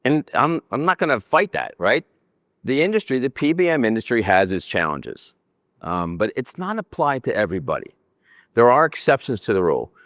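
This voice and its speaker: An older man from New Jersey giving a conference presentation, animated and joking as he talks with his hands. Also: mid-range voice, normal speed, no echo, clean studio sound. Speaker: conference speaker. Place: conference session room.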